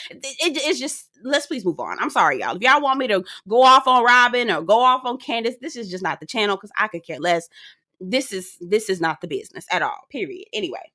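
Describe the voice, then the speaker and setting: A bright, animated woman reviews a reality show in a sassy, gossipy recap. She speaks, full of slang and exclamations. Her pitch swings widely as she talks. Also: brisk. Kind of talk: casual recap commentary.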